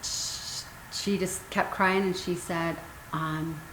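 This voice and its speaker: A woman's voice: lowish voice, fairly even intonation. Earnest woman in her fifties, roomy sound. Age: 50s. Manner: earnest, emotional, pauses with ums. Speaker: guest author. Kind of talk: candid personal storytelling. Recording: roomy sound with faint noise.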